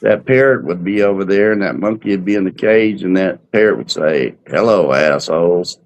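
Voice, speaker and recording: A man's voice: low voice, animated, brisk. A man co-hosting a casual cruise chat show, telling rambling stories. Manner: rambling storyteller. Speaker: podcast co-host.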